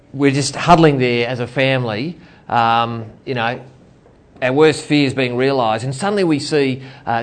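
Aussie pastor guy, middle-aged, chatty sermon story, lots of uhs. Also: mid-range voice. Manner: chatty, many fillers and restarts. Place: church.

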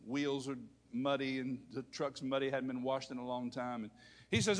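A man preaching a sermon, swinging between loud preaching and quiet storytelling. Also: medium pitch, moderate pace. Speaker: pastor. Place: church sanctuary. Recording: long reverb of a large hall.

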